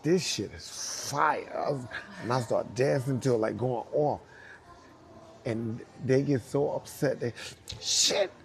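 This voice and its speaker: A man with a New York accent, speaking to young dancers and telling animated stories with repeated emphasis and acted-out quotes. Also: mid-range voice, slow pace, vocal fry, slight background noise. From United States. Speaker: guest dancer speaking to students. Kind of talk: casual storytelling talk.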